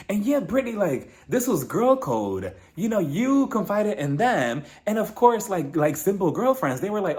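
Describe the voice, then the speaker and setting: Male recap host: sassy, gossipy, higher-pitched, very expressive delivery. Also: a little slow, long pauses. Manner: sassy, gossipy, laughs often. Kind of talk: casual episode recap commentary.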